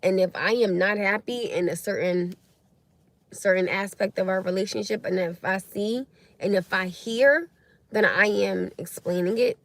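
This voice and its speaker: A woman's voice: medium pitch, moderate pace, no room sound. A young woman hosting a casual livestream and talking bluntly about relationships while she reacts to viewer comments. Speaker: livestream host. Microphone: phone or webcam livestream.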